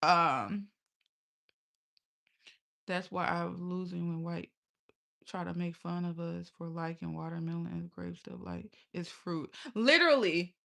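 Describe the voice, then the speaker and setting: A young woman chats on her livestream in a loose, casual way. She talks bluntly and swears freely, and laughter breaks in now and then. Her voice is bright and forceful. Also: on the low side, flat delivery, takes it slowly, creaky, pauses often. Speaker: live streamer.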